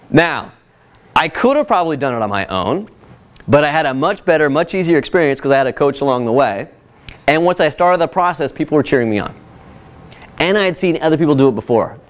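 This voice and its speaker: A man's voice: fairly high pitch, brisk. Man telling a chatty workshop story. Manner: animated storytelling, chatty asides. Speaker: workshop presenter. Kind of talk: casual workshop talk with slides.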